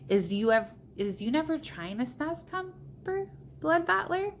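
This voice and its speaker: A woman's voice: high-pitched, big pitch swings, measured pace, a little hiss or hum, pitched above the performer's own voice, full character voice. A woman voicing a kindly, clever male giant who pleads earnestly in a raised voice. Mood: coaxing.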